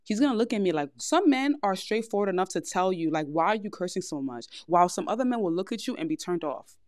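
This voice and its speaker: A young woman with a New York accent talks straight to her listeners like a frank older sister, and her podcast advice comes across blunt and unvarnished. Her voice sits at a middle pitch. It is recorded close and dry, with no room echo. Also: animated, fast, darkish tone. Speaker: podcast host. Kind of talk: casual advice monologue.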